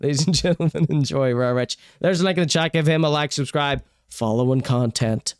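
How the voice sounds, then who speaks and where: A man's voice: a little high, a little fast, clear, resonant tone, dry recording. A man hosting his podcast, introducing segments and plugging memberships in a jokey, upbeat way. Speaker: podcast host. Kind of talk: show intro and links.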